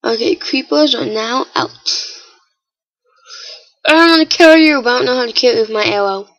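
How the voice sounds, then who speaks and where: A woman giving casual, chatty commentary while playing a game, with excitable, startled exclamations. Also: fairly high pitch, normal speed, lo-fi sound. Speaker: gamer.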